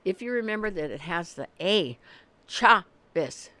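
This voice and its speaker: An older woman, an author and activist, chatting casually and telling lively stories, acting out the voices in them. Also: fairly low pitch, a little fast, no echo. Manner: animated storyteller, acts out quoted dialogue. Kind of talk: casual conversation.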